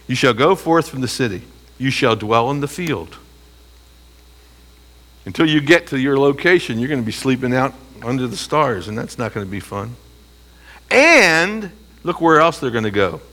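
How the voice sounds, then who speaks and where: Bright-voiced man teaching Bible study. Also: medium pitch, expressive, moderate pace, pauses often. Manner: emphatic, asks rhetorical questions and answers them; reads scripture aloud and comments between phrases.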